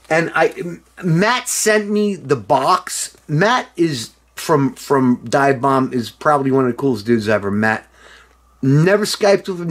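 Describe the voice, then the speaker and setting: A tipsy middle-aged man rambling excitedly in a casual video monologue, swearing and breaking into loud outbursts. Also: fairly high pitch. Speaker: former band member showing a reissued album.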